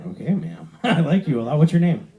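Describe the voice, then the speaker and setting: A man's voice: on the high side, animated, a little fast, vocal fry, darkish tone. A man hosting a stand-up comedy show, teasing and bantering with the audience in a live venue. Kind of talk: stand-up crowd work. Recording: live room with crowd noise. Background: audience laughter and room noise.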